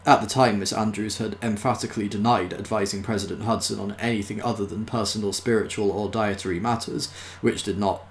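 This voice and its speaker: A man reading a novel aloud in an unhurried, dry manner, with small self-corrections. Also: on the low side, steady tone, a little hiss or hum. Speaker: storyteller.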